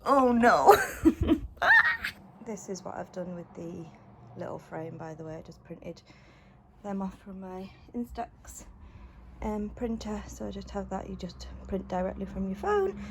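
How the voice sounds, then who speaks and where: A woman's voice: medium pitch, normal speed, background noise. A British woman chatting casually in a home vlog, rambling and self-deprecating, with lots of fillers. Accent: British English. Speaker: vlogger. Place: at home indoors.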